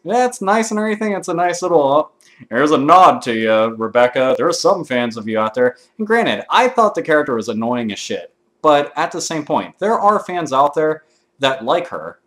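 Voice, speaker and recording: A man hosting his own gaming video, ranting casually to camera with constant swearing and excitable outbursts. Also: a little high.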